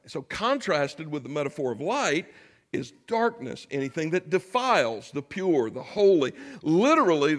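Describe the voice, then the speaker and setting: A man's voice: sits high, in a large hall. A man preaching a sermon as pastor, emphatic and speaking directly to his congregation.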